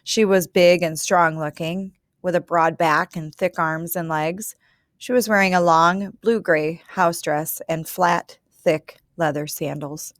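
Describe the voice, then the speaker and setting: A woman reads a children's picture book aloud in a calm, measured voice, speaking as the young girl who tells the story. Her voice sits on the low side and the recording is dry and close. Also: no room sound. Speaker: reader. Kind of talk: storybook narration.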